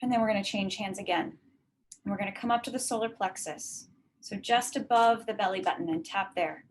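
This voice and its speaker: A woman leading a guided tapping meditation, slowly repeating affirmations and pausing for breaths. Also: mid-range voice, a little hiss or hum. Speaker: tapping session leader.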